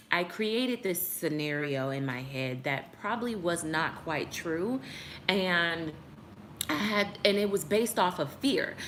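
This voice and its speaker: A woman's voice: fairly low pitch, fairly bright tone, slight background noise. Earnest young woman vlogger. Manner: earnest, heartfelt, frequent "like" fillers. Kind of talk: motivational talk to camera.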